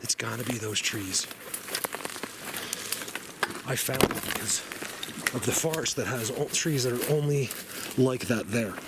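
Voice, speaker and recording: A man talks to his camera as he walks through a forest, rambling and defiant and a little out of breath. His pitch sits in an everyday middle range. Steady outdoor noise from the camera mic runs under his voice. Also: a little slow, long pauses. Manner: rambling, defiant, laughs at his own jabs. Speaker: outdoor vlogger. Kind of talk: casual walking vlog to camera. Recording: noisy outdoor camera audio.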